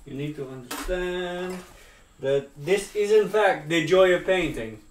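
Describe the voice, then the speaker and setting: A man's voice: high-pitched, measured pace, slight background noise. A young man co-hosting a casual live stream, laid-back and handing out practical pointers. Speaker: streamer co-host. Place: studio room being painted. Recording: roomy echo.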